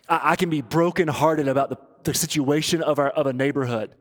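A man preaching a sermon as pastor, urging and earnest, moving between loud appeals and hushed, intense passages. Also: fairly high pitch, brisk. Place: church auditorium. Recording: long reverb of a large hall.

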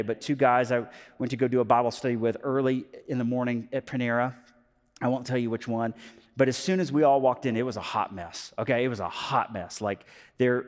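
A male pastor giving a sermon, telling stories in an animated way with lots of fillers, moving between loud and hushed. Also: mid-range voice. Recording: long hall reverb.

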